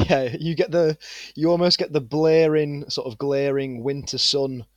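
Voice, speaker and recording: A man in his twenties with a northern English accent, a guest chatting in a relaxed, rambling way with plenty of fillers. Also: a little high, a little slow, no echo, dull audio. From England. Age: 20s. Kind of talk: casual interview chat.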